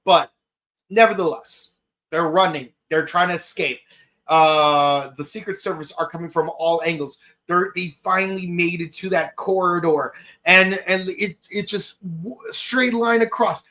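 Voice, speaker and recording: A man in his thirties hosting a podcast, gushing through an excited solo review with many fillers and exclamations. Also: high voice, unhurried. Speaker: podcast host reviewing an episode.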